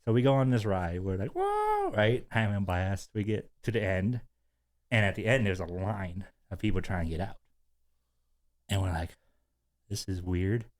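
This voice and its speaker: A man with a fairly low voice tells a long, rambling story on a casual podcast. He fills his talk with likes and ums and breaks into giggles often. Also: fairly even intonation, moderate pace, pauses often. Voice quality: giggly, rambling with many fillers. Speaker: podcast host.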